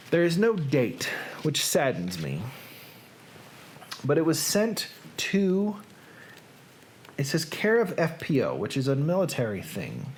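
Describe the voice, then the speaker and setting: Chatty live-show host with lively pitch. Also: a little hiss or hum. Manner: chatty, jokey, reacts to live viewers. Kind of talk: live casual reading show.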